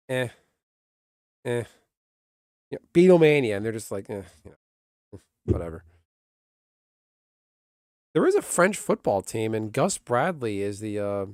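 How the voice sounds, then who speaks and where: A man's voice: medium pitch, a little mellow, dry recording, studio quality. A man streaming and chatting casually with viewers in a rambling way, often laughing. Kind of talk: casual livestream chat.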